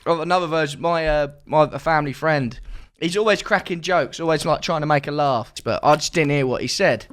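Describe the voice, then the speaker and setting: Man, co-host, casual anecdotes, slightly high voice. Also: fairly quick, a bit bright. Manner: chatty anecdotes, laughs often. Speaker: podcast co-host. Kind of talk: casual chat.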